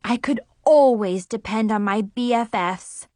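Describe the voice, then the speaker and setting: Slow, expressive woman storyteller. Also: fairly high pitch, dry recording, studio quality. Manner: expressive, dramatic exclamations. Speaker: audiobook narrator. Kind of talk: first-person storybook narration.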